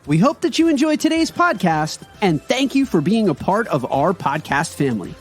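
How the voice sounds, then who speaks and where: High, upbeat male promo announcer. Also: very animated, moderate pace, faint music behind. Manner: upbeat, salesy. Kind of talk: scripted promo read.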